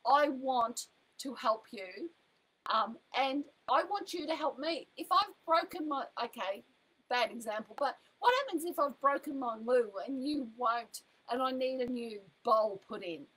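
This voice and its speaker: A high-pitched woman talks straight to her listeners as a business mentor. She is chatty and emphatic, restarting sentences and dropping in fillers as she goes. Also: lively intonation, unhurried, a bit bright, breathy edge, poor audio. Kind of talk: direct-to-camera advice talk. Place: home office at a computer.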